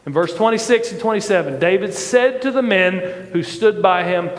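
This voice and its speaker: A man's voice: high-pitched, normal speed, hardly any pauses. A man preaching a sermon as the pastor, in a conversational way that keeps asking the congregation questions. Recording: echoey church hall with long reverb.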